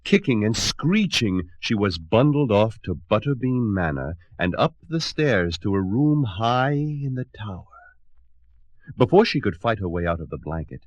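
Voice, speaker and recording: A man reading a children's storybook aloud with expressive, dramatic narration. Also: fairly low pitch, measured pace, no echo.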